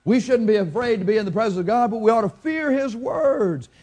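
An older man delivers a sermon from the pulpit. His voice sits a little high and climbs into loud, emphatic bursts. The preaching is fervent throughout. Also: brisk. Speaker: pastor.

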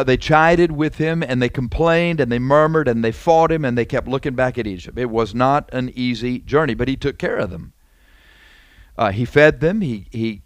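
A male preacher delivering a sermon at a middle pitch, talking to his congregation in an emphatic, conversational way. He repeats his points and keeps asking rhetorical questions. The recording is dry and close, with almost no room sound. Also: no room sound.

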